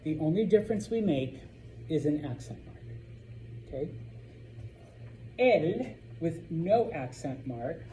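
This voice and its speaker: A man teaching a Spanish class to students, repeating words slowly to model their pronunciation. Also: a little high, lively intonation, noisy background. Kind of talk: classroom lesson.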